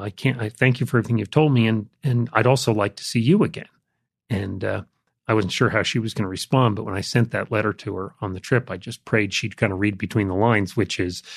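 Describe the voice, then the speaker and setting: An older man, an interview guest, telling a personal story in a relaxed, reflective way, with frequent fillers. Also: on the low side, creaky, dry recording, clean studio sound. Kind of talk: conversational storytelling.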